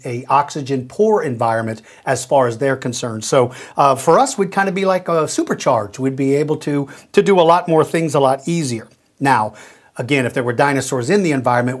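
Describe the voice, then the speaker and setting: A man's voice: mid-range voice, husky. A middle-aged man hosting a question-and-answer show, explaining things in a friendly, folksy way straight to young viewers. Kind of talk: casual explanatory talk.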